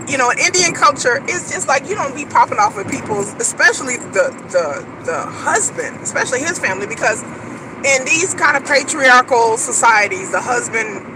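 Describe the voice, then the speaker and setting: A woman recapping a reality TV show in a rambling, chatty way, full of "like" fillers and quick laughs. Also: on the high side, background noise. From Texas, USA. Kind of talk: casual reality-TV recap commentary.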